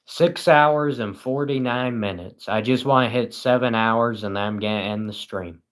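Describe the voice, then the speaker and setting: A man's voice: medium pitch, moderate pace. A tired British man hosting a livestream, chatting casually and reading viewers' comments with dry, self-mocking sarcasm. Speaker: livestream host.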